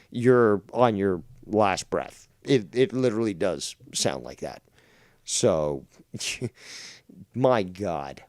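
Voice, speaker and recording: A man's voice: mid-range voice, darkish tone, no room sound, clean studio sound. Mocking, profane male stream host. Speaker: livestream host. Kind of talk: casual commentary rant.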